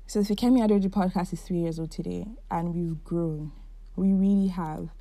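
Low, mellow-voiced young woman podcaster. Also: brisk, no room sound. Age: 20s. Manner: warm, heartfelt and chatty, with frequent likes. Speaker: podcast host. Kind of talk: casual solo monologue.

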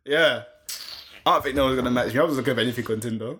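A man's voice: mid-range voice, racing, pushed and bright, slight background noise. A young man, telling a story in casual chat with laughs and slang.

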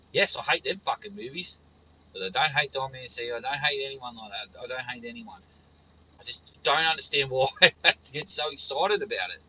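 A frustrated horror fan rants casually, swearing often and repeating his points. His mid-range voice is bright and forceful, though the recording is muffled with slight background noise.

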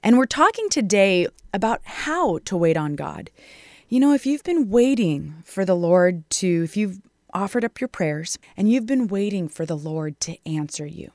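A woman hosting a devotional podcast, teaching from scripture in an earnest, emphatic way and reading verses slowly. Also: mid-range voice, sing-song, darkish tone, no echo. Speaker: podcast host and Bible teacher.

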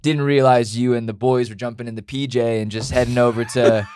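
A man's voice: mid-range voice, fairly even intonation, a little fast, darkish tone, slight background noise. A young adult man in a casual conversation, teasing and playful with dry asides.

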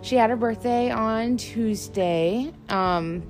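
A woman's voice: a little high, slow pace, faint music behind. A young woman co-hosting a podcast in casual chat, rambling, laughing often and swearing freely. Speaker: podcast co-host.

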